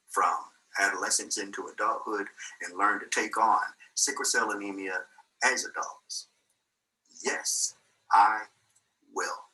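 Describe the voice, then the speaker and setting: A man's voice: lowish voice, pushed and bright, distant mic, rough recording. An older man giving a motivational talk, telling a personal story with quoted voices and small laughs. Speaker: guest speaker.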